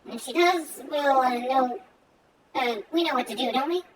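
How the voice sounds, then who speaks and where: A woman's voice: sits high, normal speed, far from the mic, a loud crowd, natural voice, rough recording. A woman putting on a rowdy boozy old sailor. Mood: blustery. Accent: thick put-on sailor brogue. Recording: game music playing underneath.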